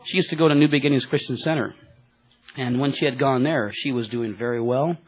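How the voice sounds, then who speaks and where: A man, a cab driver, telling a rambling, excited testimony to a church group, full of fillers and restarts. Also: medium pitch, a little fast, low-quality recording.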